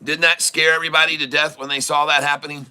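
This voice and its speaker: A man hosting a casual live day-trading stream, hoarse from losing his voice, teasing and greeting his viewers with frequent chuckles. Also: on the high side, flat delivery, quick pace, bright, forceful tone, poor audio. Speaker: day-trading livestream host.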